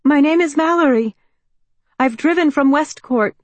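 A woman narrator voicing a frightened young pregnant woman, with a high, urgent, pleading delivery. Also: measured pace, no room sound.

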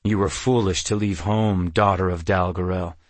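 A man's voice: deep voice, fairly even intonation, moderate pace, no room sound, pitched below the performer's own voice, natural voice. A man voicing a grim, stern antlered beast chieftain. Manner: formal, cold, stern.

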